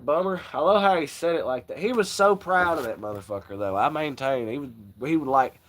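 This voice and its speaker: A man's voice: fairly high pitch, brisk, fairly bright tone. A man hosting a livestream, telling crude, rambling stories in casual chat with frequent laughs. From Southern United States. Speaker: livestream host.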